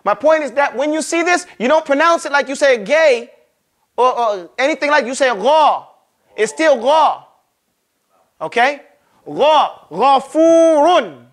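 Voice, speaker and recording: A man teaching a Quran recitation class, casually explaining sounds and drilling them by stretching and repeating each one slowly. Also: very high-pitched, expressive, a bit bright. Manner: casual, conversational teaching with frequent check-ins. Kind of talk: classroom lesson.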